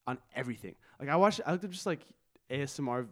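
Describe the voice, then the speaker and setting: A man's voice: mid-range voice, lively intonation, quick pace, fairly bright tone. A young man co-hosting a podcast in casual chat, rambling with lots of fillers. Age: young adult. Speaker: podcast co-host.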